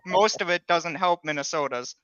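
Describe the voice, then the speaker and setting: A man on a comedy podcast, swearing and ranting in mock outrage. His voice is fairly high. He comes through a dull, lo-fi feed with people chattering clearly behind him. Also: moderate pace, crowd noise. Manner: indignant, profane ranting. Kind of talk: rowdy comedy podcast banter.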